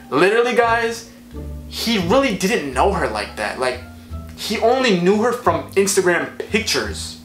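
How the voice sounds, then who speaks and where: A young man telling a storytime vlog story in a rambling, animated way, full of fillers. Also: high voice, a little slow. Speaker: vlogger. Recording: echoey room, faint music.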